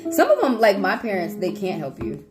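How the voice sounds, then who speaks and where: A young woman giving tarot readings on a casual livestream, talking in a profane, rambling, animated way. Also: mid-range voice, fairly quick. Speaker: tarot reader. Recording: guitar music playing behind.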